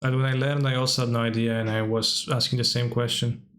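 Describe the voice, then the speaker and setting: A man's voice: mid-range voice, flat delivery, quick pace, a bit bright. A man giving casual stream commentary while reacting to old videos, chatty and wry, laughing often and talking loosely with many filler words.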